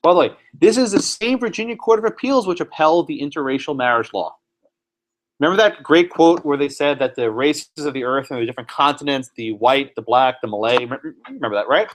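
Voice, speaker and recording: A man, a law professor, giving a classroom lecture, animated and sometimes sarcastic, putting questions to students. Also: a little high, a little fast.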